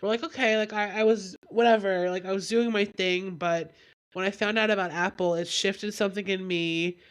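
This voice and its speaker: A woman's voice: mid-range voice, fairly even intonation, moderate pace. A young woman hosting a solo podcast while getting over a cold, talking in a rambling, heartfelt way with lots of "like". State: has a cold. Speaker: podcast host. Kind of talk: candid solo podcast talk.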